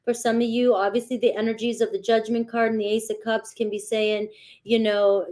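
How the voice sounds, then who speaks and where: A woman's voice: on the high side, flat delivery, a little fast, a little mellow. A woman doing a casual tarot reading, chatty and talking straight to her viewers, often checking in with "all right.". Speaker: tarot reader.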